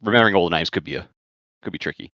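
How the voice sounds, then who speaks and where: A man co-hosting a podcast, giving relaxed, chuckling commentary. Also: low voice, racing, no echo, dull audio. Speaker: podcast co-host. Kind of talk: casual book-discussion chat.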